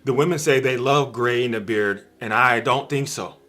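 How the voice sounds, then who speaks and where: A man's voice: medium pitch, moderate pace, fairly bright tone, soft background music. A man giving an informal livestream sermon, emphatic and repeating his key phrases. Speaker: preacher on a livestream.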